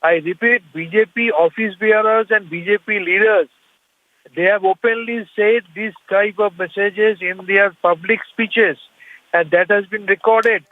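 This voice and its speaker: A man's voice: high-pitched, steady tone, measured pace, no echo. A man speaking as a party spokesperson in a TV debate, insistent and repetitive, cutting in with repeated denials. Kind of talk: remote debate panelist. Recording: phone-like remote line.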